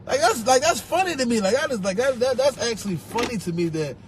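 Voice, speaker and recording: A young man with a Philadelphia accent ranting on a live stream, profane and animated, repeating himself and breaking into laughter. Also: extremely high pitch, quick pace, slight background noise. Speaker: social media personality. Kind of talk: rambling live-stream rant. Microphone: phone.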